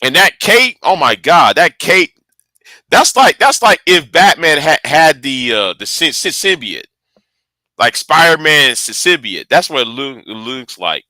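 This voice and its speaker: A man giving casual rambling commentary, excitable and cursing often, stumbling over and repeating his words. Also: on the high side, measured pace, no room sound. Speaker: online commentator.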